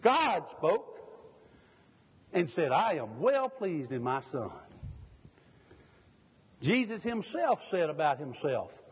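Middle-aged preacher, fervent, questions the congregation, lively high delivery, echoing in a church. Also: male voice, slow, pauses often, slightly rough. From Mississippi, USA. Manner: fervent, asks the congregation pointed questions, jokes at himself. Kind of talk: sermon.

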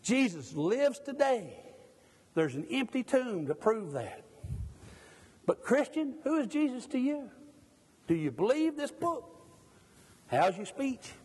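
A man's voice: very high-pitched, very animated, unhurried, long pauses, a little mellow, husky, in a large hall. A middle-aged man from Mississippi, preaching a sermon in a church. He keeps putting pointed questions to the congregation and jokes at his own expense. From Mississippi, USA.

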